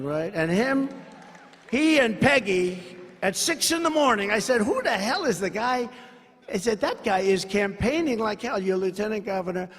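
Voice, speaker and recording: An older man with a New York accent giving a rambling, boastful rally speech and making asides to the crowd. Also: sits high. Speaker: political speaker at a campaign rally. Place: large rally venue. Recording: echoing hall with faint ambience.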